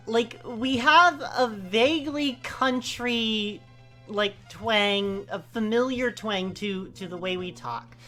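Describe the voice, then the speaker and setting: West coast woman rambling through a let's play, bright sharp voice, soft music behind. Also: takes it slowly. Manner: animated, rambling, jumps into sudden high exclamations. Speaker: co-host of a game playthrough. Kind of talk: casual gaming commentary.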